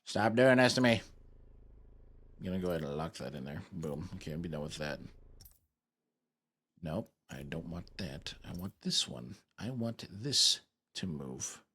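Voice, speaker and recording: A man's voice: deep voice, expressive, measured pace, pauses often, fairly bright tone, slightly rough. A young man chatting casually to his live-stream audience, goofy and rambling while he fiddles with his setup.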